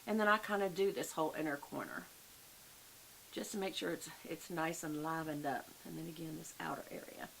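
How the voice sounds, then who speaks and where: A woman's voice: deep voice, a little fast, gravelly, fairly bright tone, poor audio. An older woman with a Southern US accent, chatting folksy and friendly through a makeup tutorial. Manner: chatty, folksy, addresses viewers as y'all. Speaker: beauty vlogger. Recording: faint background hiss.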